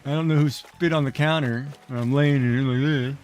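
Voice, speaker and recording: A man's voice: mid-range voice, fairly even intonation, normal speed, darkish tone. Middle-aged man, casual game streamer, rambling and exclamatory, mid-range voice. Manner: rambling, exclamatory, talks back to game characters. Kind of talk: casual chat while playing.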